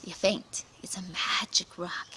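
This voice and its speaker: A woman reviewing a children's book, retelling the story in an animated, dramatic way with gasps and whispers. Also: fairly low pitch, measured pace, rough recording.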